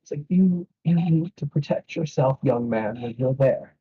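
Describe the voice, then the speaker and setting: A man's voice: mid-range voice, normal speed, husky, highs cut off, pitched above the performer's own voice, close to an everyday voice. A man voicing a wrinkled old male elven priest who is kind and worried, speaking earnestly. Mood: concerned. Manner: earnest, pleading, blessing-giving.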